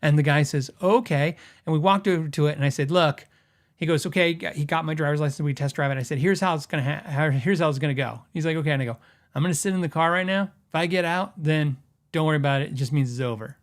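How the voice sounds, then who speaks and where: A middle-aged man with a somewhat high voice tells stories in a loose, rambling way. He acts out quoted back-and-forth dialogue and keeps the tone casual and chatty, like a podcast host. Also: fast. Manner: rambling, animated anecdotes with laughs and quoted dialogue. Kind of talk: casual storytelling.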